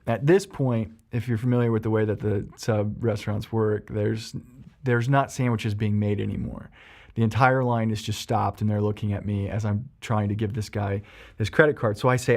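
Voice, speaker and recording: A man, a therapist, explaining emotions on a podcast and telling a personal story, animated and full of ums and restarts. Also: lowish voice, a little fast.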